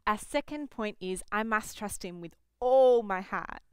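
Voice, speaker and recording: Smooth-voiced woman teaching children. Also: medium pitch, animated, a little slow, dry recording. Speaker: children's pastor.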